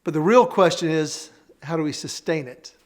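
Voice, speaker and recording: A man with a somewhat high voice speaks at a moderate pace, presenting a faith-based teaching session on marriage. He is earnest and conversational, sharing stories and guiding the audience through exercises.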